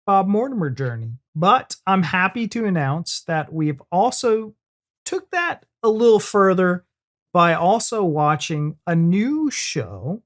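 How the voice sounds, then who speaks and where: A man's voice: sits high, sing-song, slow pace, fairly bright tone. An American man hosting a reaction video, chatting casually and joking with his co-host. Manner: playful, jokey banter.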